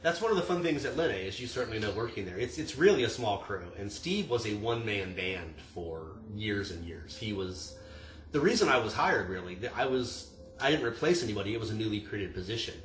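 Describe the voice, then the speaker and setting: A man's voice: on the low side, very animated, a little fast, reverberant, rough recording. A man who manages a tasting room, chatting casually and telling joking stories on a livestream. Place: home room. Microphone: video stream mic.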